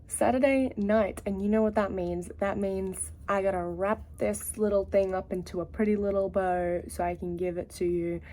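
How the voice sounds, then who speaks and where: Chatty, mellow-voiced woman book vlogger. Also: medium pitch. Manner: chatty and enthusiastic, many "like" fillers. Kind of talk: casual vlog chat.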